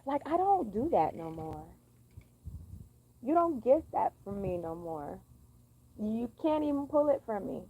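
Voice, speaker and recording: A sassy young woman talks straight to camera in a casual, profane vent. Her voice is mellow and warm, and it sits a little high. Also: sing-song, measured pace, pauses often, a little hiss or hum, poor audio. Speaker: vlogger. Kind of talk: casual venting monologue.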